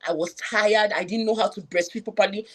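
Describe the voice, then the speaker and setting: A woman's voice: medium pitch, fairly even intonation, a little fast, slightly rough. A woman with a Nigerian accent, a public health professional, giving an earnest personal account on a live panel with frequent restarts and fillers. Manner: earnest, reflective, many restarts and "you know" fillers.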